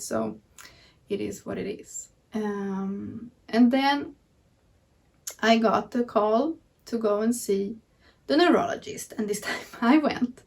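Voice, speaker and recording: A woman's voice: medium pitch, gravelly, far from the mic. A woman vlogger telling her personal story earnestly and candidly to camera. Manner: earnest, candid retelling of events.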